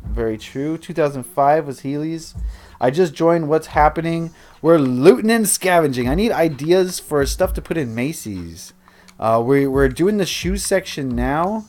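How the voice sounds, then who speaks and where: A man's voice: fairly high pitch, lively intonation, unhurried, a little mellow. A man livestreaming a building game, chatting casually with viewers in a rambling, self-interrupting way. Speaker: streamer.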